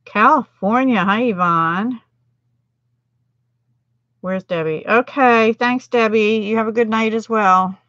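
A woman's voice: fairly high pitch, takes it slowly, pauses often, a bit bright, no echo, dull audio. A middle-aged American woman demonstrating card making on a livestream, chatting with viewers and laughing at her own mistakes. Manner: chatty, self-deprecating, laughs often.

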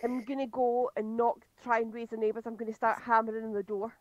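A woman playing a tabletop game, brisk and decisive. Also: on the high side, flat delivery, darkish tone, dry recording, dull audio. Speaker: player. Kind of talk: casual tabletop play.

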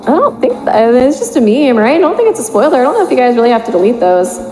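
A young woman streaming, reading a fan fiction aloud and reacting, animated and laughing often with mock-horrified outbursts. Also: high-pitched, fast, faint music behind, rough recording.

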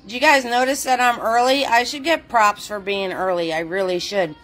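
A chatty woman hosts a live painting session, greeting viewers one by one with lots of fillers. Her voice sits a little high, and faint music plays behind her. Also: fairly even intonation, normal speed, a bit bright. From New Jersey. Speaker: live painting class host. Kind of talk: casual live-stream chat.

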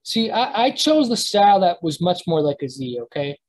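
A teacher giving a live online lesson while sharing the screen, explaining step by step in a halting way with frequent restarts and quick checks with the class. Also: medium pitch, sing-song. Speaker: language teacher.

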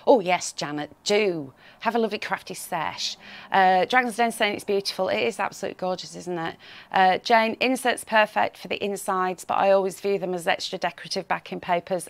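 In a dry recording, a woman with a mid-range voice hosts a live craft shopping show. Cheerful and teasing, she chats and reads viewer comments aloud, a slight frog in her throat.

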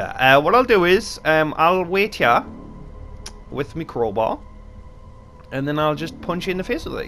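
Speaking into a desk mic, this young gaming YouTuber from North East England delivers jokey, chatty game commentary in a Geordie accent, with casual swearing. His voice runs on the high side with big pitch swings and a sharp tone at normal speed, over slight background noise.

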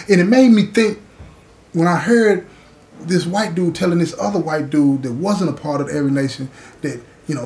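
Speaking at a moderate pace in a somewhat high, slightly mellow voice, a channel host spins a conversational story. He keeps turning to the listener with asides, often tossing in "you know what I'm saying."

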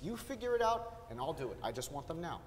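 A man plays a desperate old-school salesman who wheedles, stammers and snaps, his slightly high voice swinging wildly in pitch. He is recorded live in a big echoing hall with faint noise behind. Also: very animated, quick pace. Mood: haggling. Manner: wheedling, stammering, bursts of anger. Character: desperate aging male salesman, pleading and bullying. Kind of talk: live stage acting. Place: theater stage.

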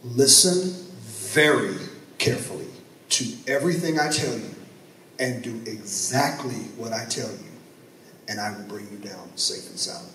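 A man voicing a calm male air traffic controller who gives steady, step-by-step instructions in a firm manner. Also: fairly low pitch, measured pace, roomy sound, distant mic, voice pushed down, heavily acted, low-quality recording. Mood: steady, commanding.

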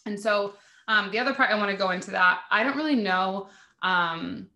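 A woman's voice: medium pitch, normal speed, pushed and bright, reverberant. A woman hosting a podcast, chatting casually about spirituality, with lots of "like" fillers. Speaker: podcast host.

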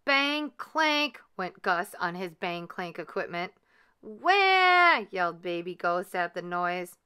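A woman gently and expressively reading a children's story aloud. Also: on the low side, monotone, moderate pace, smooth.

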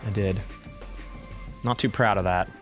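A man playing as a guest in a gameplay video, bantering with jokes and breaking into sudden excited yelps. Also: lowish voice, unhurried, faint music behind. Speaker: guest player. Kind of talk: casual gameplay chat.

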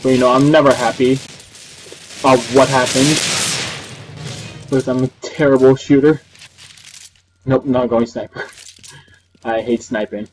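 A man's voice: medium pitch, steady tone, measured pace, long pauses, background noise. A man giving casual gameplay commentary, rambling and self-deprecating, with the odd swear. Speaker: gamer. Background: faint game gunfire.

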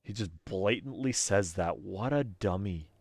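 A man's voice: fairly low pitch, expressive, unhurried, darkish tone, breathy edge, no echo. A man giving casual, sarcastic commentary while playing a game, swearing freely. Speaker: game streamer.

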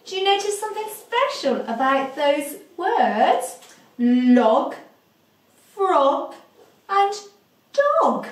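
A woman teaching young children, speaking slowly and clearly and drawing out rhyming words in a sing-song way. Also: high voice, reverberant. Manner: slow, clear and exaggerated, stretching rhyming words. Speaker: preschool teacher.

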